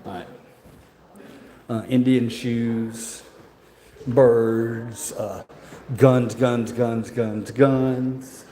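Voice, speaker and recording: A rambling, joking man talks to his viewers on a handheld phone. His voice is mellow and low-key, and it bounces around echoey rooms over a faint hum of ambience. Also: fairly even intonation, very slow, long pauses. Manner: chatty, joking, rambling, laughs often. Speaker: vlogger. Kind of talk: casual vlog walkthrough. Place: indoor museum halls.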